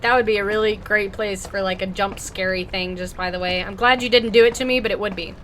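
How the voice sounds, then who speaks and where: A woman's voice: mid-range voice, steady tone, fairly quick, fairly bright tone, a little hiss or hum. A woman gamer giving rambling, joking commentary while playing a horror game.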